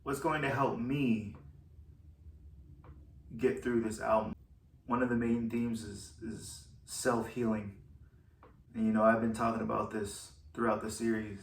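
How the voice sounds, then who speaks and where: A man, a musician, talking through how he wrote one of his album's songs in a slow, thoughtful way with pauses. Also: fairly low pitch, little pitch movement, vocal fry, roomy sound, distant mic. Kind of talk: reflective solo talk.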